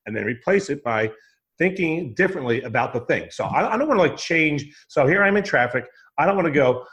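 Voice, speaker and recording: A man's voice: mid-range voice, very animated, a little fast, a bit bright. Emphatic man coaching on moods. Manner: emphatic, repetitive, acts out his own thoughts in quotes; frequent restarts and "right?" tags. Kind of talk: conversational podcast explanation.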